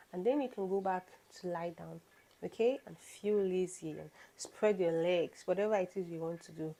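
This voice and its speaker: A woman's voice: mid-range voice, darkish tone, rough recording. A young woman vlogger giving hygiene advice to camera, frank and emphatic, scolding like a big sister and repeating her points. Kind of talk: casual advice chat to camera.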